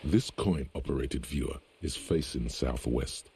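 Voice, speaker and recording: A man giving scripted narration for a video game, in a measured tone. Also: rumbling low, warm tone, slight background noise. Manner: gravelly, measured. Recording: game audio over the stream, faint music.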